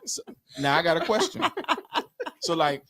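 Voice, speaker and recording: A man co-hosting a podcast, asking questions in a halting way, full of fillers. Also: fairly high pitch, huge pitch swings, fairly bright tone, dry recording. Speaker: podcast co-host. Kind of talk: casual podcast chat.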